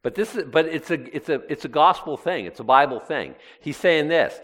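A man's voice: a little high, expressive, normal speed, a bit bright. A man preaching a sermon, reading scripture aloud with sarcastic asides. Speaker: pastor.

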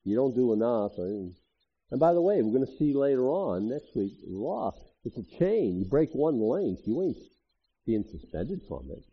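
Male pastor, sermon read, husky voice, animated asides, muffled lo-fi recording. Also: mid-range voice, normal speed. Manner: conversational, animated preaching with asides. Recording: dull lo-fi audio.

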